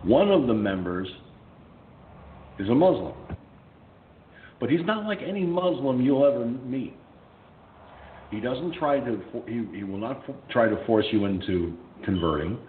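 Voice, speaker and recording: Profane, animated male radio host. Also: mid-range voice. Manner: blunt and profane, animated retelling. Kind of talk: casual storytelling. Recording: echoey tinny phone-like line with faint hum.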